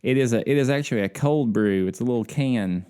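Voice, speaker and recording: A relaxed American man co-hosting a podcast over a drink, talking in an easy, joking way. His voice sits at a middling pitch, and he often lets his thoughts trail off with a shrug. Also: a little fast, clear, resonant tone. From United States. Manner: laid-back, joking, trailing off with "I don't know". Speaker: podcast co-host. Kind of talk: casual chat over drinks. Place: home in Alaska on a video call.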